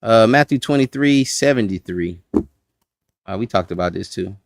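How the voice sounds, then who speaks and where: A man's voice: fairly low pitch, expressive, a little slow, creaky, dry recording, clean studio sound. A man teaching a casual Bible study class, folksy and talking straight to the group. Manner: folksy, says y'all, talks to the class. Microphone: streaming setup.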